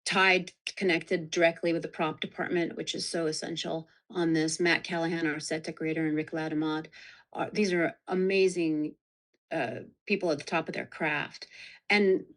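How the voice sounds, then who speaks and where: A woman speaking as a production designer in a casual panel talk, halting and searching for words. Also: low voice, little pitch movement.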